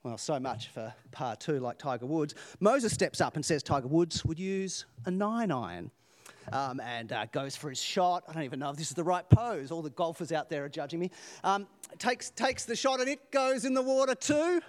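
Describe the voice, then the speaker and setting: High-voiced preacher, animated and joking. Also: male voice, moderate pace. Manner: animated storytelling, rhetorical questions, laughs at own jokes. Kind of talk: sermon.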